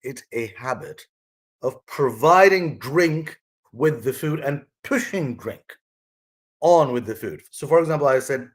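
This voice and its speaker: A man's voice: medium pitch, lively intonation, measured pace. Earnest man musing in a casual monologue. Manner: rambling, frequent restarts, earnest. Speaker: vlog host sharing his mother's lessons.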